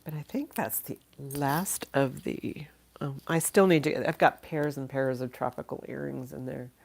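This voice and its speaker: A woman's voice: extremely low pitch, steady tone, moderate pace, creaky, slightly rough. A woman running a casual live-stream auction, chatty and thinking aloud, laughing often and a little tired. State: tired, yawning.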